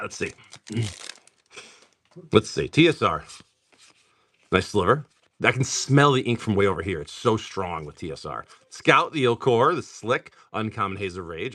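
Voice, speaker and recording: A man's voice: mid-range voice, sharp tone. A middle-aged man casually chatting while opening card packs live, rattling off card names and talking to buyers. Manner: rapid card name listing, chatty asides to buyers. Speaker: live stream card seller. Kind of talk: casual pack-opening commentary.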